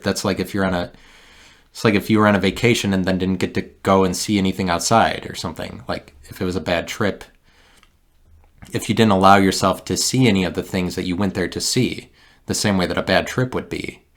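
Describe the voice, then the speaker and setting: A man hosting a solo podcast, talking in a meandering, halting way with many restarts and a wry, self-mocking streak. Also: deep voice, steady tone. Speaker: podcast host. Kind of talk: rambling solo podcast monologue.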